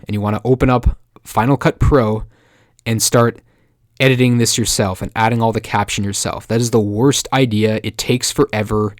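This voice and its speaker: Chatty man from Canada with a lowish voice. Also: dry recording, studio quality. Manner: chatty, excitable, joking asides, acts out quoted voices. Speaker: marketing video host. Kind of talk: casual talking-head tutorial.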